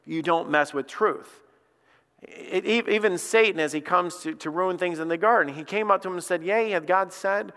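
A male pastor preaches with passionate emphasis, often stumbling over repeated words as he builds. His voice sits a little high for a man. The sermon rings out in a church hall with a long reverb tail. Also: brisk, hardly any pauses, a bit bright, clean tone.

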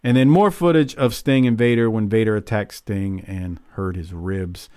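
A man hosting a casual wrestling recap podcast, joking and relaxed, on a podcast mic. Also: fairly low pitch, moderate pace, clean tone, no echo, studio quality. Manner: casual, lively, joking, swears. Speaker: podcast host.

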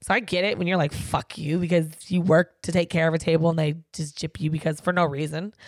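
Woman, podcast co-host, animated rant, heavy swearing, dry close mic. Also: sits low, fast talker, no echo. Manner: animated, swears a lot, ranting. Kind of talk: casual podcast chat.

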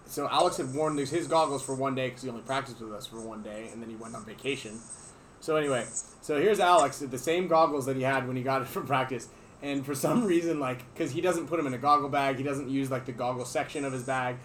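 A man hosting a sports podcast, telling a lively story and acting out his teammates' lines. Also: medium pitch, fast talker, a little hiss or hum. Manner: animated, acts out teammates' lines. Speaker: podcast host and player. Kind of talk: casual storytelling.

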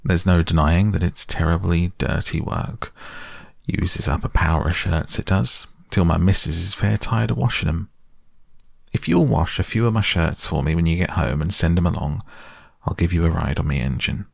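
A man's voice: low voice, moderate pace, creaky, dry recording, clean studio sound. A man voicing a burly, kindly working-class engine driver who talks in a folksy rustic dialect. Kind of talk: audiobook character voice.

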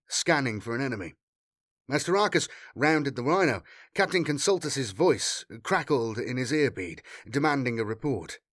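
A man narrating an action story with dramatic, expressive delivery. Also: medium pitch, no echo, clean studio sound. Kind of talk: audiobook narration.

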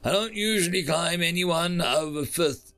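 Gentle, inquisitive alien creature, female, played by a male narrator, voice pushed high. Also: unhurried, faint music behind. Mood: curious. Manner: inquisitive, mild and polite.

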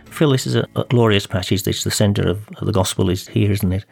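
A man with a low, gravelly voice co-hosting a talk on preaching. He affirms what he hears and often ends with tag questions. He reads scripture in a steady, slow way. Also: soft background music. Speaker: co-host asking about sermons. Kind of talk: conversational discussion and scripture reading.

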